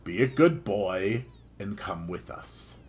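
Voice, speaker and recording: A man voicing a stern male knight commander who speaks low and threatening. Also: lively intonation, takes it slowly, slightly rough, heavily acted.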